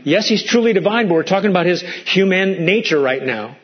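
A man's voice: high-pitched, expressive, fairly quick, hardly any pauses, dull audio. A male pastor preaching a sermon, asking the congregation pointed rhetorical questions and acting out quoted lines in a raised voice.

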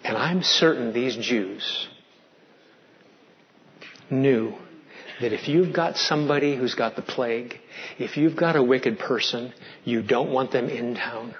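A man preaching a sermon as pastor, animated and swinging between loud and hushed, sometimes asking the congregation questions. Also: mid-range voice, slow pace, pauses often, dull audio, slight background noise.

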